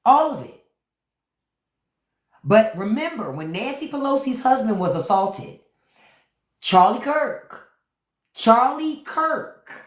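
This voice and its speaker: Woman host, unfiltered livestream rant, animated pitch, swears freely, echoey room sound. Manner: blunt, profane, talks straight to viewers; repeats key words for emphasis.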